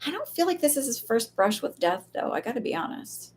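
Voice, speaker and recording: A woman's voice: a little high, very animated, brisk, hardly any pauses. A woman talks her way through a live psychic reading in a chatty, casual manner. She fills her speech with "like" and "um" and lets the odd swear slip in. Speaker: psychic medium.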